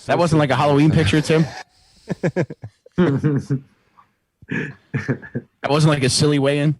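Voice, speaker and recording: A man chatting casually on a podcast while watching fight videos, making deadpan absurd jokes. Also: a little high, slow. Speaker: podcast guest.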